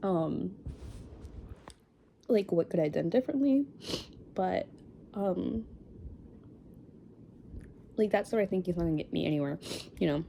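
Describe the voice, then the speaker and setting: A woman's voice: on the low side, lively intonation, a little slow, gravelly, pauses often, warm tone, a little hiss or hum. A young woman in her twenties telling a dating story in a casual vlog, rambling with lots of fillers and sniffling after crying. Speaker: vlogger.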